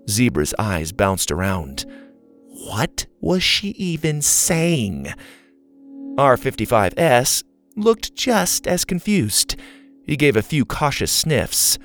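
A man reading a children's story aloud in expressive, scripted narration. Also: mid-range voice, takes it slowly, faint music behind. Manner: expressive, varied delivery.

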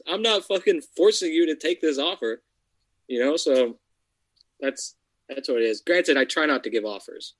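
A man's voice: a little high, lively intonation, moderate pace, rough recording. A man who buys houses, talking bluntly and casually with plenty of swearing. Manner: blunt, profane, conversational. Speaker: real estate investor. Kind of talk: casual podcast chat.

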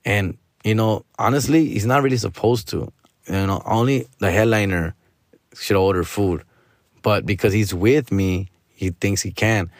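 A fairly low-pitched man hosts a podcast, unhurried, ranting in a casual storytelling way about his friend. He uses Spanish slang, acts out the nagging, and stays animated throughout, in studio-quality audio with no room sound.

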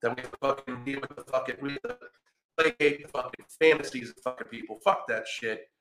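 A man's voice: mid-range voice, fairly quick, roomy sound, crowd noise. A man hosting a podcast, ranting in reaction commentary with a profane, combative and sarcastic manner. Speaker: podcast host.

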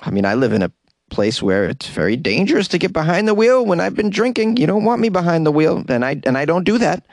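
Male podcast host, slightly higher voice, dead-dry closet sound, jokey riffs. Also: very animated, fast, dry recording. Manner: joking asides and riffs. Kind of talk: comedic news podcast. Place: closet in a home.

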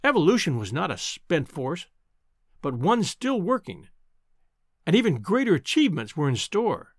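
A man narrating a classic novel in a measured, expressive audiobook style. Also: a little high, dry recording, clean studio sound. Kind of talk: audiobook storytelling.

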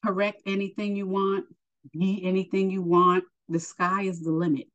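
A woman's voice: medium pitch, flat delivery, moderate pace, lo-fi sound. A woman preaching informally and earnestly, encouraging the listener and addressing them as honey, emotional and close to tears. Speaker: spiritual teacher.

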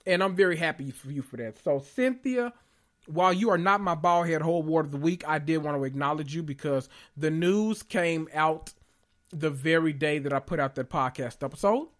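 Man, podcast host, sassy, blunt, dramatic emphasis, fairly high voice. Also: normal speed, a bit bright. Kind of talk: casual pop-culture commentary podcast.

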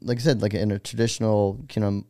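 A man in his forties from the United States tells stories in a relaxed, meandering way, leaning on plenty of fillers. His voice sits a little low and has a gravelly, creaky edge. The sound is close and dry. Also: quick pace, no room sound. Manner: rambling, filler-heavy, laid-back. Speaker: guest, pro BMX rider. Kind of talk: casual podcast interview storytelling.

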